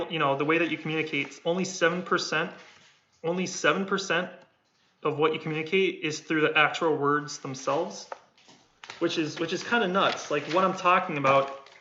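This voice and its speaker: A man's voice: fairly high pitch, sharp tone, slight background noise. A man coaching on sales in a casual livestream, rambling and repeating words while he acts out tones of voice, with keyboard typing behind him. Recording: echoey room, dull lo-fi sound.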